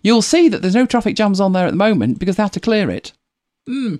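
Host, casual chat to viewers, animated pitch, chatty and self-correcting. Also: fast talker. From United Kingdom. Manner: chatty, rambling, self-correcting, laughs often. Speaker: livestream host.

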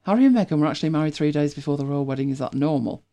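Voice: medium pitch, lively intonation, rapid-fire, mellow. A host with a British accent, chatting casually and rambling with many restarts. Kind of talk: casual chat.

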